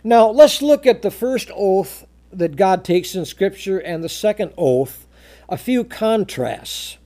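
A man preaching a verse-by-verse Bible sermon, drawing out scripture quotes slowly and emphatically, often repeating words and restarting sentences. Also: high-pitched, lively intonation, dark tone. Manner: emphatic, slow, drawn-out quoting of scripture.

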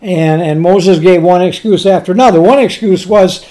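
A man preaching a sermon, teaching slowly and deliberately with emphatic pauses. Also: high voice, dark tone.

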